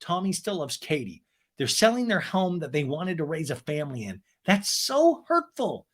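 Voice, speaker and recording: A man's voice: on the high side, sing-song, normal speed. A man voicing a hurt mother who pleads in a wounded tone. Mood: pleading.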